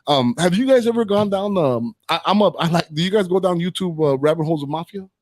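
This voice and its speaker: A man's voice: sits high, lively intonation, quick pace, a little mellow, no room sound. A man hosting a casual chat, rambling in slang and tagging lines with "right?" and "dog.". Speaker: podcast host.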